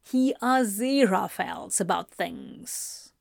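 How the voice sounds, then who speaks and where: A woman reading aloud, voicing a wry, teasing male demon in a slightly lower, softer voice. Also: slow, gravelly, no room sound, clean studio sound. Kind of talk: amateur audiobook reading.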